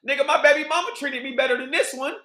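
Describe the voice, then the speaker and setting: High, bright-voiced man ranting in an echoey room. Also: fast. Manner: profane, rambling, animated storytelling. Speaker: vlog host. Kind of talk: casual monologue.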